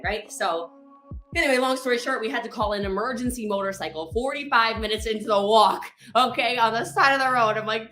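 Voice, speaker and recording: A woman's voice: fairly high pitch, fairly quick, pushed and bright. A woman animatedly telling a story as a team leader, full of "like" and "literally", sounding exasperated. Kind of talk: storytelling anecdote. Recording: echoey room.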